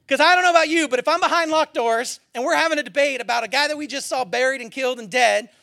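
A pastor giving a sermon as an animated, colloquial storyteller who laughs often. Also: high-pitched, fast talker, vocal fry.

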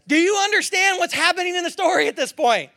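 Animated, chatty pastor preaching. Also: extremely high pitch, fast, creaky. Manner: animated, colloquial storyteller who laughs often. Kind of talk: sermon.

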